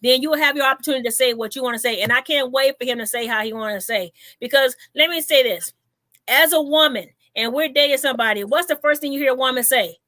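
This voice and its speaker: A woman's voice: sits high, fast, no echo, clean studio sound. A woman comedian hosting a casual livestream chat, straight-talking. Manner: straight-talking, loud bursts of laughter.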